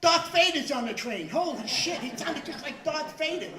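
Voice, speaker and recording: An older man doing stand-up, growing exasperated and shouting his punchlines. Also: very high-pitched, animated, normal speed. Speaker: stand-up comedian. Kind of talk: stand-up routine. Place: club stage before a live audience. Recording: echoey room, far from the mic.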